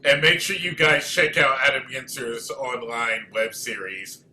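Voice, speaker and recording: A man hosting a comedy podcast, animated and opinionated. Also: medium pitch, unhurried, a little hiss or hum. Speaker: podcast host. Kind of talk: casual chat. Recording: echoey room.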